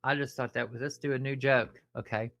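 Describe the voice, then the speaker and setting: A woman's voice: rumbling low, steady tone, brisk, dry recording. A woman hosting a casual podcast, reading dad jokes aloud and playing along with a joking co-host. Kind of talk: casual comedic chat.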